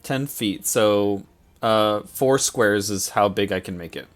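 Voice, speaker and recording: A man's voice: on the low side, takes it slowly, faint music behind. A man playing a tabletop game, hesitant and thinking aloud. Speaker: player. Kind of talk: casual tabletop play.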